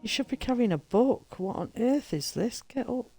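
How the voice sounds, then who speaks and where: A woman's voice: fairly high pitch, expressive, normal speed, a little mellow, slightly rough, faint music behind. A woman chatting casually to her viewers as she plays a building game and talks to the characters. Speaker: gaming streamer. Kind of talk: casual gameplay commentary.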